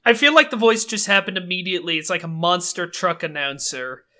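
A young man co-hosting a podcast in casual chat, talkative and quick to laugh at himself. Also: high-pitched, sharp tone. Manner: chatty, self-amused, laughs often. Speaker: podcast co-host.

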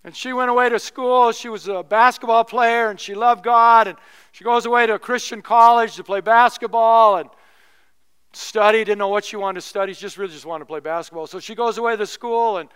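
A man's voice: extremely high pitch, steady tone, a little fast, a bit bright, clear, resonant tone. A middle-aged male pastor preaching a sermon, telling a personal story in a conversational, humorous way.

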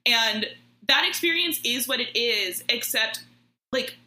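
A woman's voice: on the high side, animated, measured pace, pushed and bright, echoey room, poor audio. A woman in her thirties telling a story in casual chat, with lots of "like" and laughing through it.

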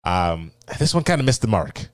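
Low, smooth-voiced man chatting. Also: sing-song, normal speed, dry recording. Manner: laid-back, rambling, reads out an article. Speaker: podcast co-host. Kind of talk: casual chat.

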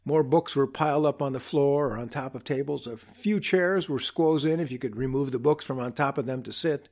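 A man hosting his own show, telling a reflective personal story in an unhurried, wry way with humorous asides. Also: medium pitch, darkish tone. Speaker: podcast host.

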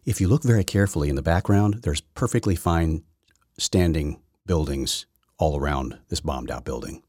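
Husky, combative male podcast host. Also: very deep voice, normal speed, a little mellow, dry recording, studio quality. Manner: rambling, self-correcting, combative. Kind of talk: solo political commentary.

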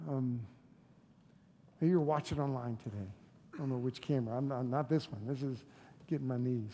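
A pastor preaching a sermon and giving an altar invitation, swinging from loud pleading to hushed, near-whispered lines. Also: medium pitch, a little slow, long pauses, a little hiss or hum. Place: church sanctuary with live congregation. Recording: long hall reverb with faint music.

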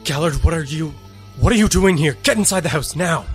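A man's voice: fairly high pitch, animated, a little fast, slightly rough. A man speaking in character in a tabletop game, urgent and commanding, with faint music behind. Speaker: player.

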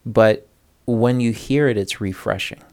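A man's voice: on the low side, measured pace, darkish tone. A man reading a Bible passage and then talking earnestly about sharing faith with others. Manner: earnest, conversational, reads passage aloud. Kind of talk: Bible study discussion.

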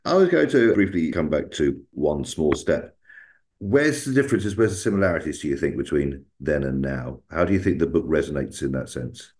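A man's voice: very deep voice, big pitch swings, normal speed, a little mellow, breathy edge. A man hosting a podcast, reading a scripted intro and asking questions with a wry, teasing touch. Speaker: podcast host.

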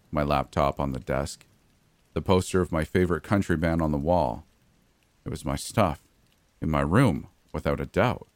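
A man's voice: sits low, a little mellow, dry recording. A man narrating a first-person horror story in a gritty, blunt way, with frequent mild cursing.

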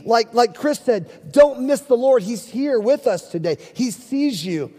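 A middle-aged male pastor with a high but mellow voice preaches an earnest, emphatic sermon. His voice rings through a church sanctuary with a long reverb tail. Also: animated, a little slow, few pauses.

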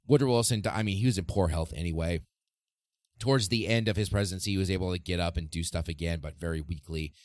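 A man hosts a history podcast and tells the story casually, swearing freely and keeping an irreverent tone. His voice sits low. The recording is close and dry, with no room sound. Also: quick pace, darkish tone, no echo. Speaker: podcast host.

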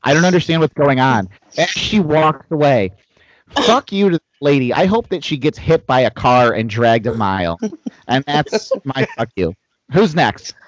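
A man's voice: medium pitch, lively intonation, unhurried, no echo, dull audio. A man co-hosting a casual chat, telling a profane story and acting out the quotes. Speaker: podcast co-host.

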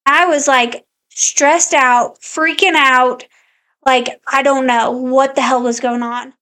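A woman's voice: sits high, fairly even intonation, slow pace, bright, forceful tone, clear, resonant tone. A woman podcast co-host in casual chat, animatedly telling a story and acting out her own quotes.

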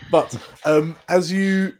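A man narrating a tabletop game as game master, hesitant, with many fillers and restarts. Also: on the high side.

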